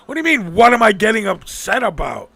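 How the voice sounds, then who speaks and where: A man's voice: sits high, very animated, fast, vocal fry, fairly bright tone. A man hosting a live stream, venting angrily and profanely, mocking the people he quotes. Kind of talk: ranting casual talk.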